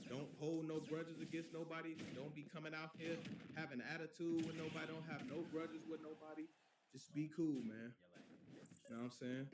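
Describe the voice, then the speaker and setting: Brief: male streamer, a little high-pitched, preaching slowly over background noise. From US Midwest. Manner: preachy, repetitive, drawls "bro" and "boy". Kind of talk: casual monologue while streaming.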